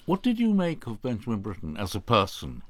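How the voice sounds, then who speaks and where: A man's voice: on the low side, wildly swooping pitch, a little fast, no echo, clean studio sound. A man hosting a radio interview, asking questions and introducing music.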